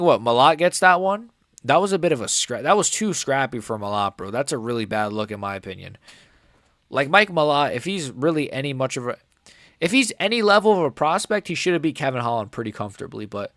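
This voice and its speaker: A young man hosting a live fight reaction stream, rambling casually with lots of "like" and "bro" while his voice sometimes cracks high. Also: expressive, brisk, a bit bright, no echo, clean studio sound. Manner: rambling, filler-heavy, says "like" and "bro" often. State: voice cracking upward at times.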